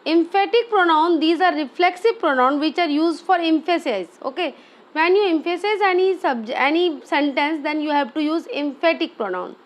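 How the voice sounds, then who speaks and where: A woman's voice: high-pitched, normal speed. A woman teaching a grammar lesson, explaining step by step and often checking with "okay?".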